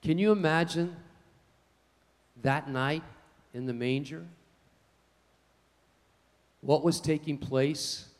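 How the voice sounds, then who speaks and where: A man preaching a sermon, telling folksy stories in an animated way. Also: on the high side, long reverb tail. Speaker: pastor.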